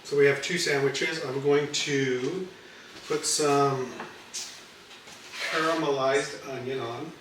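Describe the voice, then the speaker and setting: A man hosting a cooking video, chatting in a relaxed, rambling way as he builds sandwiches. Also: mid-range voice, slow pace, slight background noise. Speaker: cooking channel host. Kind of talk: casual cooking chat. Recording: very echoey room, mic far off.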